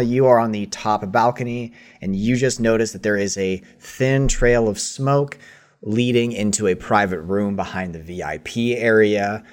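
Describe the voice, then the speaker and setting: Low-voiced man running a tabletop game. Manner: casual, hesitant narration with many fillers. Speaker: game master.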